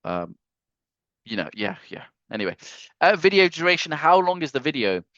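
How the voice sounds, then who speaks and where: A man hosting a live software training webinar over a video call, reading chat comments aloud, teasing and joking between walkthrough steps. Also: fairly high pitch, very animated, normal speed, no room sound. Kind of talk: casual live screen-share tutorial. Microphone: computer mic on a video call. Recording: dry, slightly dull video-call audio.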